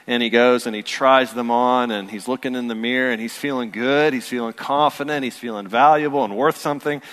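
A man's voice: mid-range voice, steady tone, fairly quick, a bit bright, clear, resonant tone. A man in his thirties, a pastor preaching a sermon in a conversational, storytelling way that builds to earnest emphasis. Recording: long hall reverb.

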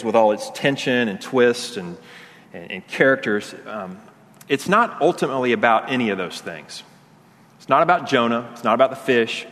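A man preaching a sermon, telling the story in an animated, conversational way and acting out the voices. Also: mid-range voice. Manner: conversational with frequent restarts. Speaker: pastor. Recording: long hall reverb.

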